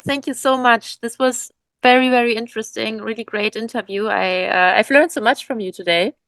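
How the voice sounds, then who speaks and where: A woman's voice: a little high, moderate pace, dry recording. A woman hosting an interview, thanking her guest in an effusive, enthusiastic way. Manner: warm, effusive, laughs often. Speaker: podcast host. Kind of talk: casual interview chat.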